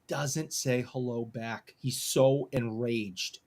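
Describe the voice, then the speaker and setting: Animated male co-host spinning a story. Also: on the high side, slow. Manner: animated storytelling, mock apologetic. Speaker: podcast co-host. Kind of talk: casual podcast chat.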